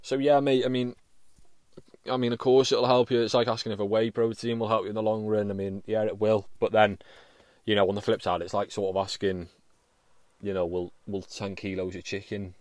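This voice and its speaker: A man's lowish, darkish voice comes through flat and fairly quick on a dry recording as he hosts his podcast solo. He talks casually and meanders, frequently restarting and dropping casual swear words.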